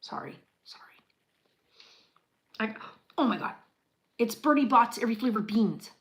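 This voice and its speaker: A woman chatting casually as she builds a Lego set. She gushes with a lot of fillers and often drops to a quiet murmur. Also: a little high, lively intonation, normal speed, poor audio. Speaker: channel host.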